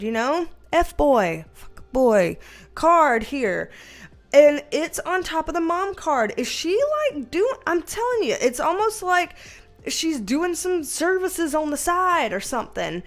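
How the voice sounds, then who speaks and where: A woman giving a casual tarot reading on video, chatty and emotional, rambling with many fillers. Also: high-pitched. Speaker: tarot reader.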